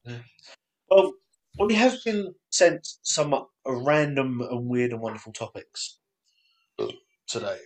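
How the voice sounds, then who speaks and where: A man's voice: mid-range voice, sing-song, takes it slowly, pauses often, rough recording. Rambling, self-deprecating young man hosting. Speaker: podcast host. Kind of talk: casual podcast chat.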